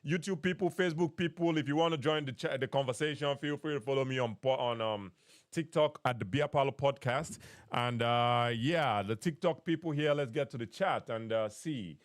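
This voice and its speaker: A man's voice: medium pitch, normal speed, dry recording, studio quality. A man with a Nigerian accent hosting a live call-in podcast, mixing in Pidgin and often repeating his phrases. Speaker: podcast host. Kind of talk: live-stream call-in chat.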